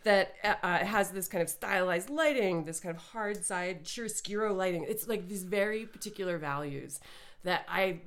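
A woman's voice: mid-range voice, normal speed. A woman co-hosting a podcast, talking through ideas analytically and often checking in with "right?". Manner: analytical, frequent "right?" tags. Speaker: podcast co-host. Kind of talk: casual podcast discussion.

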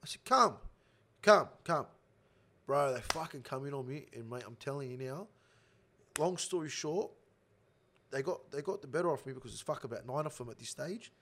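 A young Australian man telling a rough prison story in casual slang, swearing constantly. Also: medium pitch, fairly quick, a little hiss or hum. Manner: swears heavily, animated slang-filled storytelling.

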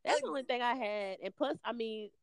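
A woman's voice: a little high, animated, a little fast, vocal fry, no echo. A young woman, chatting casually on a podcast with playful asides. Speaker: podcast co-host.

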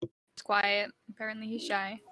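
A young woman with a British accent hosts a podcast in casual chat, loose and giggly, stumbling through notes with plenty of ums. Her tone is bright and forward, slightly strained as if her voice is wearing out. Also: medium pitch, flat delivery, normal speed, no room sound. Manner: giggly, rambling, lots of ums. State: losing her voice. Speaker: podcast host.

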